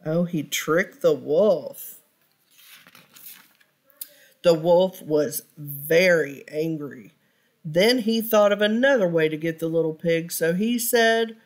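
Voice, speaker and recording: Slow-paced woman reading a children's story. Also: sits low. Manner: pauses to ask listeners questions. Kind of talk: read-aloud storytime for children.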